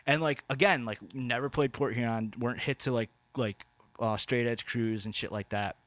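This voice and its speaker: A man's voice: medium pitch, fairly even intonation, moderate pace, fairly bright tone, dry recording. A man co-hosting a podcast, telling a long story in rambling casual chat full of swearing and fillers. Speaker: podcast co-host.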